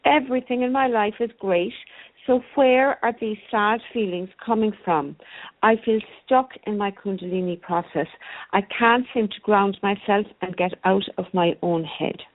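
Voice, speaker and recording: A woman with an accent reads listener questions aloud as a co-host. Her pitch sits in a middle range and her reading is steady. The sound is thin and phone-like. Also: moderate pace. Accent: non-native English. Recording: tinny phone line.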